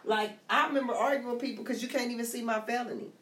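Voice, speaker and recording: A woman's voice: a little high, steady tone, fast, fairly bright tone. Middle-aged woman, blunt streetwise storyteller, roomy recording from a short distance. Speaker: guest sharing her story. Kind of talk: casual conversation. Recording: echoey room, somewhat far from mic.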